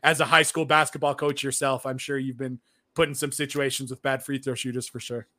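Bright-voiced podcast host. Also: male voice, mid-range voice, fairly quick. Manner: animated storyteller, frequent "like" fillers. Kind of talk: casual sports podcast chat.

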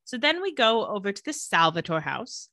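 A woman telling a TV recap in an animated, chatty way, her voice bright and sharp-edged. Her pitch swings widely as she narrates, and she laughs often. The sound is dry and close, with no room around it. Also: moderate pace, dry recording. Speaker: podcast co-host recapping a TV episode. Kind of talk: casual recap chat.

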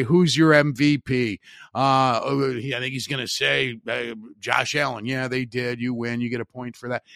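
A middle-aged man talks sports on his podcast, blunt and opinionated, with a wry edge and plenty of restarts. His voice sits a little higher than most men's. The sound is dry and close, with no room around it. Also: no echo. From Chicago area. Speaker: podcast host. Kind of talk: sports talk monologue.

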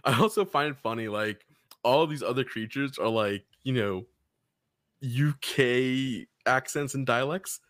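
A man's voice: medium pitch, a little slow, no echo, studio quality. A man co-hosting a podcast in casual chat, joking and often laughing as he talks. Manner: laughing, joking, lively banter. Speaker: podcast co-host.

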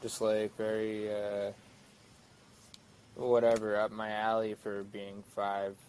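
A man's voice: lowish voice, monotone, takes it slowly, darkish tone, a little hiss or hum, rough recording. A man in his twenties, a guest actor, chatting casually on a podcast, rambling with many fillers and restarts.

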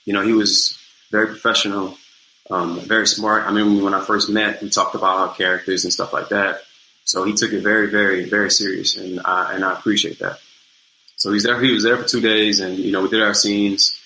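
A man's voice: on the low side, little pitch movement, fairly quick, bright, forceful tone, slight background noise. A young man and working actor telling stories casually in an interview, repeating words and using plenty of fillers like "you know what I'm saying". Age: young adult. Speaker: guest actor. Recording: echoey room.

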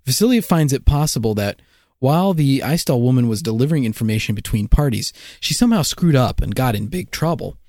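A man's voice: medium pitch, fairly quick, no room sound, studio quality. A man co-hosting a casual podcast, telling a mystery with jokes between the facts. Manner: jokey, lively storytelling. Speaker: podcast co-host. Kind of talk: casual joking podcast chat.

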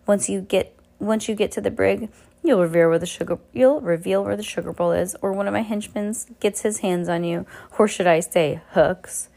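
A woman's voice: medium pitch, normal speed, creaky, dark tone. A woman reading aloud and voicing a sneering, cruel villainous man who giggles "tee hee" at his own jokes.

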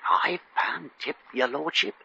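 An actor playing a nervous, fawning resort clerk who stammers and fusses, in 1940s radio comedy. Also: male voice, fairly high pitch, animated, measured pace, creaky, pushed and bright, slight background noise, full character voice. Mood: flustered. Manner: flustered, stammering and deferential. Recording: dull lo-fi old radio recording.

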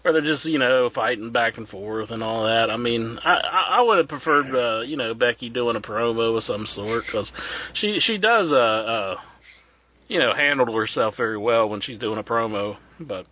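A man with a West Virginian accent rambles through a casual podcast chat, full of restarts. His pitch swings widely. The audio is dull and lo-fi. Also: lively intonation, normal speed. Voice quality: rambling, with many restarts and frequent "mm-hmm". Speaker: podcast co-host.

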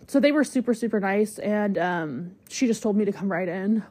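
A woman's voice: medium pitch, animated, moderate pace, few pauses, darkish tone, no room sound. A woman hosting a podcast, telling a personal story in a chatty, candid way and using "like" constantly. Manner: chatty, heavy use of "like", emotional and candid. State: choked up at times. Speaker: podcast host.

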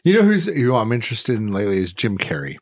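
Low, lively-voiced offhand podcast guy. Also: quick pace. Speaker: podcast co-host. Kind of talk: casual bar chat.

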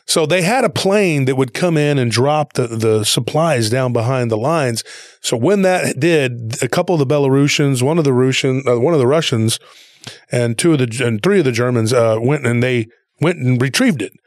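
A man's voice: medium pitch, animated, normal speed, no room sound, studio quality. A man casually retelling a story he heard, rambling along with plenty of "he goes" and "he's like".

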